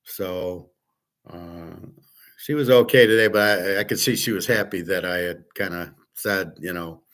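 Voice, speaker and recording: A man's voice: deep voice, unhurried, a bit bright. A man hosting a casual monologue, rambling through a story with restarts and acted-out quotes. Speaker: host.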